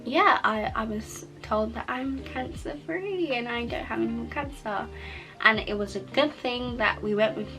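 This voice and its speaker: A woman vlogger sharing a personal testimony in casual storytelling, animated as she acts out her own past reactions, her speech altered by a mouth cover plate. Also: a little high, normal speed, soft background music, low-quality recording.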